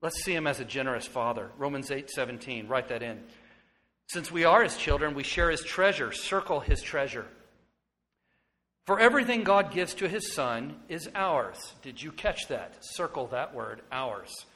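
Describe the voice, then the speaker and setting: A man in his forties preaching a sermon as pastor, swinging from hushed, tender moments to loud, excited ones. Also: a little high, moderate pace. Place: church sanctuary. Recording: long hall reverb.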